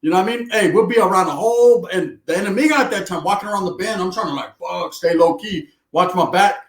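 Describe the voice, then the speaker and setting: A man with a high voice swaps stories in relaxed, profane street slang. He laughs easily while he talks. The room around him rings with a clear echo. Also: quick pace. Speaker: podcast co-host. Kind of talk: casual storytelling chat.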